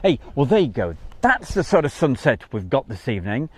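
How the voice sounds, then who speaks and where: A West Midlands man from Wolverhampton, England, hosts a live airshow stream outdoors at an airfield, chatting casually and rambling with plenty of fillers. His medium-pitched voice swings widely in pitch, moves a little fast, and sounds slightly mellow with a breathy edge.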